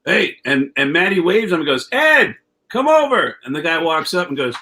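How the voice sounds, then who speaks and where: A comedian telling a long anecdote, animated, swearing freely and jumping into quoted voices, heard over a video call. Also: male voice, fairly high pitch, fairly quick. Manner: animated storyteller, acts out quotes with raised voice; profane, rambling with many restarts. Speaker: comedian guest. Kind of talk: storytelling anecdote.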